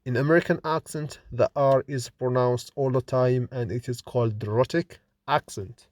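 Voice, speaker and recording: Here a man at medium pitch leads a recorded phonetics lesson with fairly even intonation and a slightly mellow quality. He drills example words one by one, slow and deliberate, for the listener to say back, with no room sound at all.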